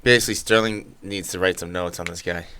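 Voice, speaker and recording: A man's voice: deep voice, steady tone, fast talker, background noise. A man co-hosting a casual soccer podcast who talks bluntly and brushes off other views. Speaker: podcast co-host. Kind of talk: casual sports chat.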